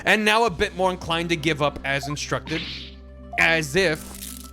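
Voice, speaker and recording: A man's voice: a little high, pushed and bright. Joking male streamer over game music. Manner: joking, quick asides. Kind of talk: casual game commentary.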